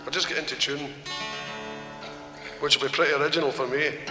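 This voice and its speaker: A man's voice: a little high, fairly even intonation, fairly quick. Man telling jokes in a hall. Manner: rambling storyteller, laughing at his own jokes. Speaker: comedian and singer. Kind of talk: live stand-up with comic songs. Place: large concert hall with audience. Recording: echoey hall recording with guitar.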